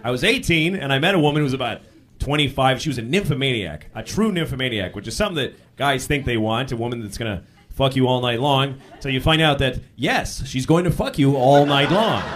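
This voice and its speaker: A male comedian telling stories in a stand-up set, shouting out the lines of people he acts out. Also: mid-range voice, fairly quick. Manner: animated storytelling, shouting acted-out quotes. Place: comedy stage. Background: audience laughter.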